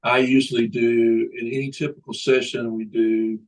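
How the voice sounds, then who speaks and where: A man's voice: mid-range voice, flat delivery, moderate pace, rough recording. Guy hypnotist on a podcast, easygoing, walks through his methods and tells a little joke story. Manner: explains methods, tells jokes as stories. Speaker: hypnotist guest. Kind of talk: casual podcast chat.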